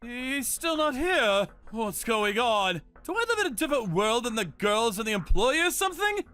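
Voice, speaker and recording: A man voicing an irritable young male customer in an animated dub, muttering complaints and snapping into yells. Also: very high-pitched, moderate pace, smooth, soft background music, heavily acted. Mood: annoyed. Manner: grumbling asides, sudden yelling.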